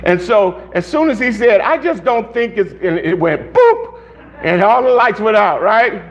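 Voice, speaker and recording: A man's voice: high voice, expressive, moderate pace, highs cut off. A man preaching a sermon as pastor, in a conversational way that restarts and repeats phrases.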